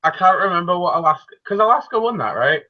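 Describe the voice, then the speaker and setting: A man co-hosting a casual roundtable chat, animated and joking, swearing often. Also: high-pitched, fast, highs cut off. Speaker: podcast co-host.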